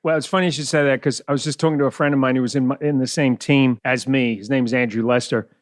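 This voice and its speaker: A man's voice: medium pitch, fairly even intonation, quick pace, no echo. Middle-aged kiwi guy with a bit of west indian in his accent, chatty guest telling stories, dry close mic. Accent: mixed New Zealand and West Indian. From New Zealand. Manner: chatty storyteller, laughs often. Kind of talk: casual podcast conversation.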